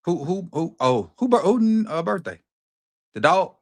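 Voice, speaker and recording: A middle-aged man hosting a watch party, calling plays live with excited, slangy reactions. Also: high voice, a little slow. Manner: excited, animated play-by-play reactions with Southern slang. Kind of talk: live football watch-along commentary.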